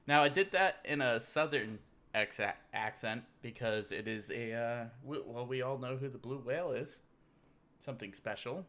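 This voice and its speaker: A man hosting a loose, rambling livestream, cracking jokes as he goes through memes with a beer in hand. His voice is bright and sharp, with a chatty and offhand delivery. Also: mid-range voice, normal speed. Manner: rambling, joking, drinking beer. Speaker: livestream host. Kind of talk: casual livestream meme commentary.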